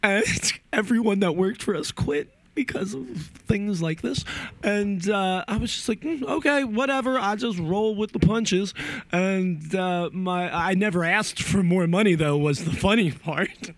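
A young man rambling about guitar pedals in a casual vlog, profane and animated. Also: high-pitched, unhurried, dry recording.

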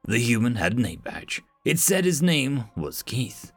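A man's voice: lowish voice, lively intonation, a little slow, vocal fry, a bit bright, slightly rough. A man narrating a comedic science-fiction story with a wry, dry delivery. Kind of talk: scripted narration. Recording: dry close mic, faint music.

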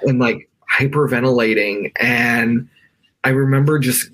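A man's voice: medium pitch, unhurried, a bit bright. Man, American, podcast guest, rambling conversational storytelling, lots of fillers, home bedroom, video call. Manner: emotional, many fillers and restarts.

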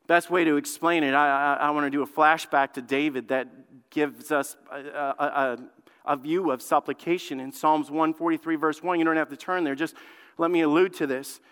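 A male lead pastor preaching a sermon, fervent, dropping to a hushed plea and then rising loud, and often repeating words as he builds a point. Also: a little high, steady tone, normal speed, clean tone. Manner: fervent, swings from hushed pleading to loud outbursts. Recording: long hall reverb.

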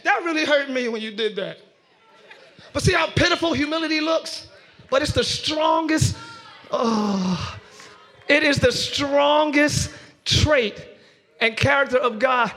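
A man with a very high, bright voice preaches to a church congregation. He shouts and half-sings his points, then acts out arguments in quick voices. His tone is forceful and ringing. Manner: preaching with shouts and sung rises. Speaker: pastor. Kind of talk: sermon. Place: church before a live congregation.

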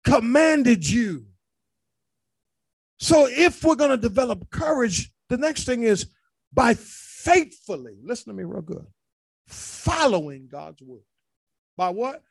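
A male pastor preaching a sermon, calling out to the congregation and rising to shouts. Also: extremely high pitch, very animated, takes it slowly, vocal fry, long pauses, breathy edge, no room sound.

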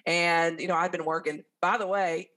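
A woman's voice: lowish voice, moderate pace. A woman from the American South with a Southern accent, telling stories as a guest in a casual interview. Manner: chatty, animated storyteller.

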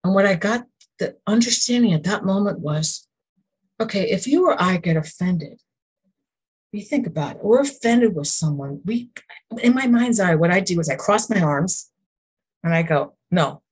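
Expressive and medium in pitch, this woman's voice has a darkish tone with a breathy edge and a normal speed. She is a guest on a podcast interview, an emotion code practitioner telling earnest faith-based stories about God and the Lord, repeatedly restarting and asking rhetorical questions.

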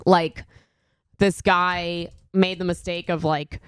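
A woman's voice: fairly low pitch, takes it slowly, clean tone, dry recording, clean studio sound. A young woman comedian, telling stories bluntly and acting out heated quotes in casual chat. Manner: blunt, profane, animated storytelling with acted-out quotes. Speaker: comedian, podcast guest.

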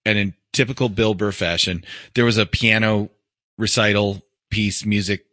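A man's voice: lowish voice, fairly even intonation, normal speed, pushed and bright, no room sound, studio quality. A middle-aged man co-hosting a podcast, telling a story in casual, profane chat and laughing often. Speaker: podcast co-host.

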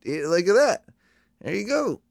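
Man, podcast host, casual chat, animated pitch, rambling, excitable, dry close sound. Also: moderate pace, gravelly, no room sound. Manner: rambling, excitable, stops and restarts. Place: home.

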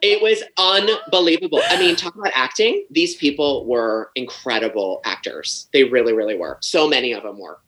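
A guest telling animated stories about an old telemarketing job, restarting phrases and swearing casually. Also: mid-range voice, moderate pace, hardly any pauses, noisy background. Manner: animated, repeats words, swears freely. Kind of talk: casual storytelling interview.

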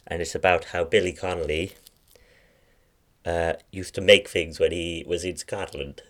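A man co-hosting a podcast in casual chat, joking with deadpan asides. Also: low-pitched, a little slow. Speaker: podcast co-host.

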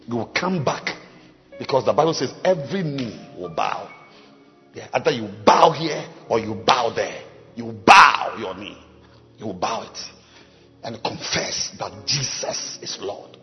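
Lively preaching man in echoing church. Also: medium pitch, unhurried. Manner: emphatic preaching that drops to hushed tones, breaks into tongues. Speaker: pastor. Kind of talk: sermon. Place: large church. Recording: muffled recording, long hall reverb, faint music.

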